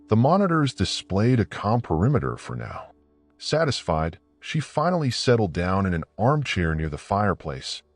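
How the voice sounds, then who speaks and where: A man's voice: low voice, no echo. A man giving scripted, dramatic narration of a suspense story.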